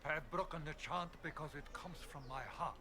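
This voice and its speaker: A man's voice: a little high, a little fast, natural voice. An actor playing an anguished, devout man praying fervently in a video game. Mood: despairing. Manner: solemn, fervent. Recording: game audio with clear background noise.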